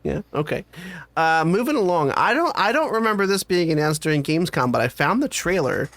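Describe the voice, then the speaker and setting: A man co-hosts a laid-back podcast, joking around and rambling through fillers. His voice sits fairly high for a man. The recording is dry and close, with no room sound. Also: lively intonation, brisk, a bit bright, no room sound. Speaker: podcast co-host. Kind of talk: casual chat.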